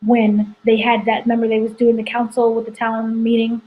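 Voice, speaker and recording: A woman's voice: a little high, monotone, brisk, narrow, tinny audio. A woman editor chatting casually through a spoiler review, rambling with lots of "like" and "you know". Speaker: entertainment editor reviewing a TV episode.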